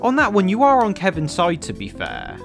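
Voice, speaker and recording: A man's voice: high-pitched, huge pitch swings, brisk, gravelly, soft background music. Sarcastic man reviewing a film. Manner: sarcastic, exasperated, profane. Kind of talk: comedic film review commentary.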